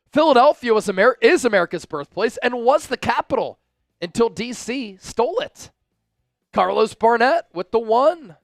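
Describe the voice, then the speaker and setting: Excitable high-voiced male livestream host. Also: dry recording. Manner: excitable, shouts at big plays; chats directly with viewers. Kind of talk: live watch-along commentary.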